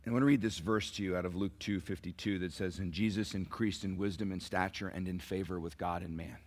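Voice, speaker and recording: A middle-aged man preaching a sermon to parents, swinging from soft, near-whispered lines to loud emphatic peaks and acting out dialogue as he tells stories. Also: low voice, steady tone, a little fast. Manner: acts out quoted dialogue in a storytelling sermon. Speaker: pastor.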